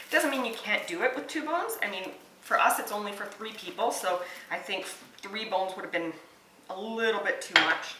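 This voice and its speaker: A woman's voice: medium pitch, reverberant, recorded from a distance, background noise. A woman in her thirties, a home cook and mother, talking through her cooking in a chatty, earnest vlog with lots of fillers. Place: home kitchen and backyard grill.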